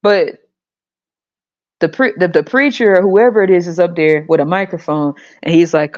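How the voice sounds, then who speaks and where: A woman with a lowish voice rants casually on her podcast at a moderate pace, alone at the mic. She's animated and profane and keeps laughing. The recording comes across slightly dull.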